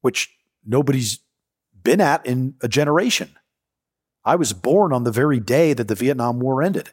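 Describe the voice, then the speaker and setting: A man's voice: mid-range voice, lively intonation, normal speed, husky, no room sound. A man in his forties, a podcast host, telling a personal story in a candid, profane way on a close mic. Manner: candid, profane, acts out quoted voices.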